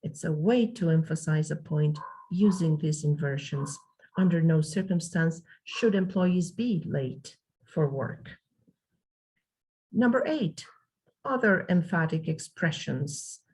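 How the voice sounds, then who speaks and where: Husky-voiced woman teaching English. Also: deep voice, lively intonation, slow, darkish tone, low-quality recording. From Mexico. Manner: explains step by step with spoken examples. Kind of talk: online language lesson.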